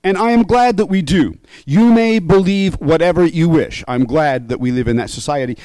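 A man delivering a sermon-style teaching, reasoning step by step with emphasis and often pausing to check in with his listeners. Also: a little high, a little mellow, no echo. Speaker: preacher.

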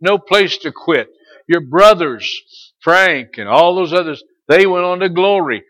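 In this sermon, a middle-aged male pastor with a high-pitched voice and lively intonation alternates between soft asides and loud, slow exhortations. He also singles out listeners and calls them by name.

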